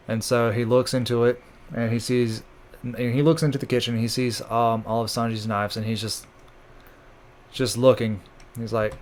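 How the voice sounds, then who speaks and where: A man's voice: mid-range voice, flat delivery, normal speed, a little mellow, a little hiss or hum. A man casually recapping comic chapters in a rambling way, with many fillers and crude jokes. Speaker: channel host recapping manga.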